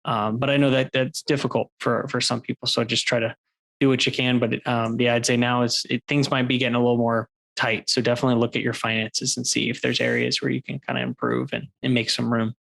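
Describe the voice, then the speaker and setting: Flat, gravelly-voiced man. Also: medium pitch. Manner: unhurried, gives practical money advice. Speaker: podcast co-host. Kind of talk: casual finance podcast chat.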